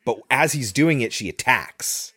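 A man's voice: mid-range voice, expressive, measured pace, sharp tone, slightly rough, no room sound, clean studio sound. A man casually retelling a film scene by scene, with loose fillers along the way. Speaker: podcast host recapping a film.

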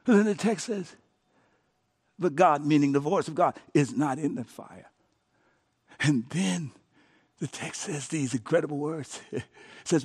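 A man preaching with a voice set high for a man. He pushes to fervent shouts, then drops to hushed, whispered words, acting out the scripture's speakers in a plain, folksy way. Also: normal speed, pauses often, breathy edge. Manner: dramatic preaching, swings from loud shouts to hushed near-whispers; acts out biblical dialogue with colloquial flair. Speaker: pastor. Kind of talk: sermon.

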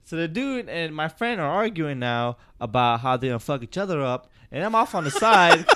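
A man's voice: a little high, sing-song, normal speed, few pauses, sharp tone, slight background noise. A man co-hosting a podcast, chatting casually and animatedly, acting out voices as he tells a story. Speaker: podcast co-host. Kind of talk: casual chat.

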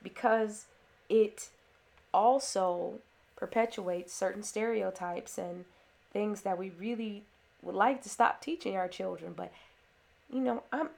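Her mid-range voice is slow, creaky, and darkish in tone. A mother and former teacher, she recounts a personal story earnestly and reflectively, restarting and using fillers.

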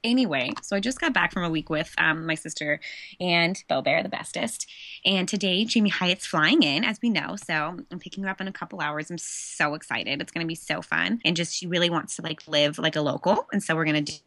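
A woman's voice: lowish voice, a little fast, no echo. A young woman co-hosting a podcast in casual chat, bubbly and gushing, with a lot of "like" in her speech. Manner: bubbly, gushing, lots of "like" and "so excited". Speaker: podcast co-host. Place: Central California.

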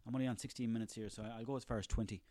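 A man's voice: mid-range voice, fairly even intonation, very fast, mellow, no echo, studio quality. An Irish man in his thirties delivering a sarcastic, profanity-laden comic rant on his own. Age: 30s. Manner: profane, sarcastic, ranting, rambling.

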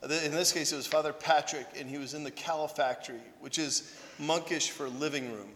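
A man's voice: on the high side, fairly even intonation, a little fast, fairly bright tone, big-room sound, a little hiss or hum. A man who is a priest and monk, telling humorous self-deprecating stories in a conversational sermon, often checking in with "right?". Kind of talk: anecdotal sermon talk.

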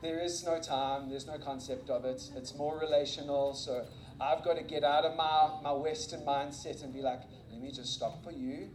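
High-voiced man preaching in an echoey room. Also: normal speed, a little hiss or hum. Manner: animated, self-mocking, laughs often. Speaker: guest preacher and missionary. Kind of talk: energetic sermon with storytelling.

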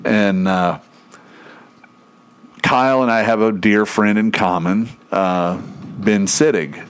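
A man's voice: fairly low pitch, takes it slowly, clear, resonant tone. A man telling a story in casual chat, swearing freely and laughing as he goes. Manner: profane, animated, laughs through his own story.

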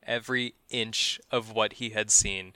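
A man's voice: lowish voice, fairly even intonation, unhurried, sharp tone. A man hosting a podcast, telling a true-crime story as casual chat, profane and wry, chuckling at grim details.

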